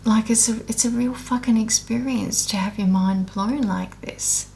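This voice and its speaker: A woman's voice: on the high side, steady tone, unhurried, creaky, darkish tone, a little hiss or hum. A woman speaking in a candid, unscripted monologue, blunt and heavily profane, earnest and emotional as she rambles with restarts about her spiritual awakening.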